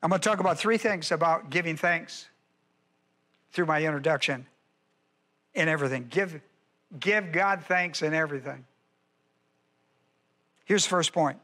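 A male pastor with a high, bright voice teaches scripture point by point. He presses each point hard, repeating phrases and asking whether his listeners follow. It has the steady drive of a classroom-style sermon. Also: moderate pace, pauses often. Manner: emphatic, repeats key phrases, quizzes listeners. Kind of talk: verse-by-verse Bible teaching.

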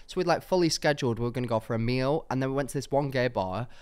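Smooth-voiced young podcast host. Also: male voice, medium pitch, rapid-fire. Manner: rambling storytelling, heavy on fillers. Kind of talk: casual anecdotal chat.

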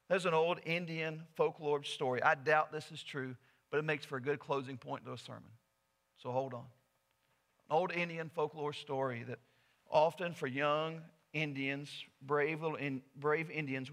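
Earnest storytelling pastor, bright voice. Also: male voice, a little high. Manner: earnest storytelling, shifts from soft to loud. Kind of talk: sermon. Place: church sanctuary.

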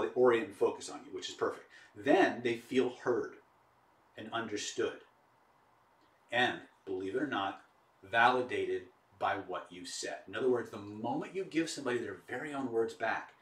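A man presents a persuasion webinar in an animated storytelling way, stopping often to check in with his listeners. His voice sits at a middle pitch. It is recorded from a distance, and the room gives it a noticeable echo. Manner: animated storyteller with frequent restarts and "okay?" check-ins. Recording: roomy echo, distant mic.

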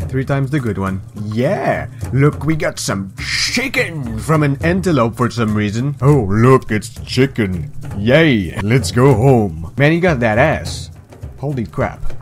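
A young man in casual gaming commentary who turns the game into a playful mock story. His pitch swings widely as he jokes, and faint music plays under him. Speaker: gaming video host. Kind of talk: casual let's-play commentary.

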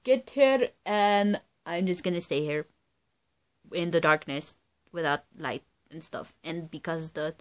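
A young woman vlogging from home in the dark, melodramatic, swinging between yelling and flat mumbling. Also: low voice, a little slow. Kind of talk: casual home vlog.

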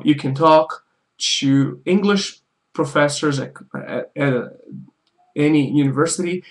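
Earnest man giving advice, higher voice. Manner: earnest, advising, repeats his points. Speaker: vlogger. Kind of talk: casual talk to camera.

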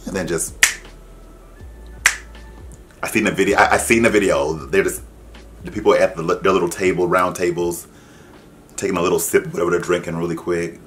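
A man giving casual reaction commentary, animated and exclaiming, mimicking voices as he talks. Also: sits low, a little fast, pauses often, faint music behind. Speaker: drag reaction vlogger.

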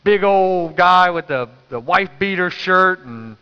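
A man's voice: sits high, animated, takes it slowly, clean tone, big-room sound, highs cut off. A man preaching a sermon as pastor, telling stories in a conversational way and urging the congregation to answer back. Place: church sanctuary.

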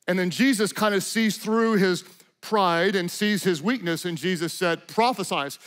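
High-voiced preaching pastor. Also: male voice. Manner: dramatic storytelling with acted-out quotes; drops to a hushed, slow voice for solemn moments. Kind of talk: sermon.

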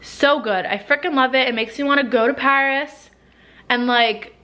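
Woman, 20s, from New Jersey, slightly high voice, breathless chatty vlogger with filler-heavy, sweary delivery. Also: moderate pace, sharp tone. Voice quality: frequent "like" fillers, swearing, emotional. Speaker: lifestyle vlogger. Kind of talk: casual chatty vlog monologue. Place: home living room.

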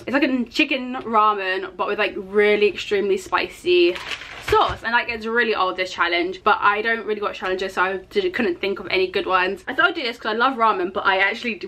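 A young woman chatting excitedly to camera in a casual vlog, giggly and bubbly. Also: on the high side. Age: young adult. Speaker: YouTuber. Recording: faint background noise.

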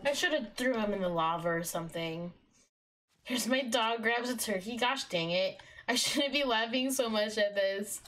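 A young woman streaming a video game, exasperated with her in-game companion, jumping between shrieks and low mutters. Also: normal speed, fairly bright tone, slight background noise. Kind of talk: live game commentary.

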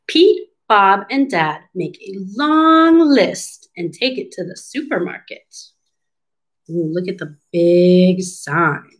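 A woman reads a children's storybook aloud very slowly, with a lively, swooping pitch. She speaks like a patient speech clinician, pausing to ask the little ones questions and coach them. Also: husky, rough recording. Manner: slow, animated, teacherly, asks children questions.

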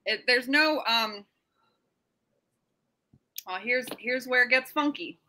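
A woman's voice: a little high, slow pace, pushed and bright, slight background noise, rough recording. A woman co-hosting a casual chat, loose and joking, swearing freely and tripping over her words. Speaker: podcast co-host.

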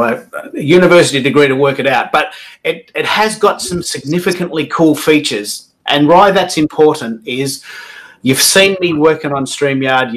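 A man's voice: mid-range voice, fairly bright tone. An Australian man hosting a live stream, chatty and upbeat, rambling with frequent restarts as he welcomes guests. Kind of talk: casual live stream chat.

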